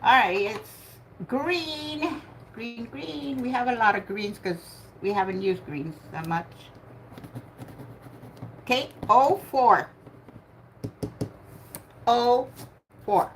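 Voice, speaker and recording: Slow-talking older woman laughing often. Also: on the high side, lively intonation, a little hiss or hum. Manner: chatty, laughs often, greets viewers by name. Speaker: livestream host running bingo. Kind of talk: casual live chat.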